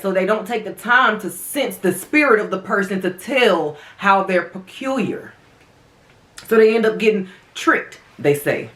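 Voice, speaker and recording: A woman's voice: mid-range voice, a bit bright, roomy sound. A woman vlogger chatting casually to viewers while eating, calling them y'all, her voice swinging up and down. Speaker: mukbang vlogger.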